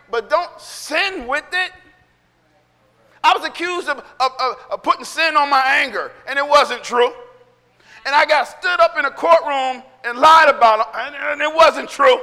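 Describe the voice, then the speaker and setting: A man's voice: very high voice, pushed and bright, big-room sound. A middle-aged male pastor preaching a sermon in a conversational way, acting out quotes and laughing between points.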